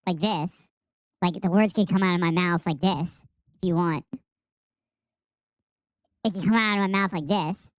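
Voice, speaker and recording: A man speaking through a high-pitch voice changer filter, reading quickly and swearing casually. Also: no room sound.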